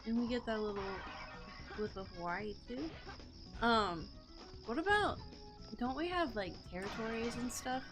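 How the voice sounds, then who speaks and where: A woman's voice: on the high side, lively intonation, a little slow, long pauses. A young woman co-hosting a live stream, chatting casually, laughing often and thinking aloud. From United States. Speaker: streamer co-host. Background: game music.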